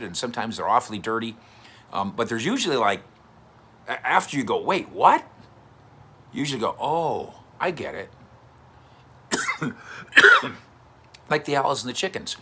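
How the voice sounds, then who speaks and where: A man in his fifties, a sports columnist, telling a story in a chatty, animated way to camera. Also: medium pitch, slight background noise. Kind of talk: casual commentary to camera.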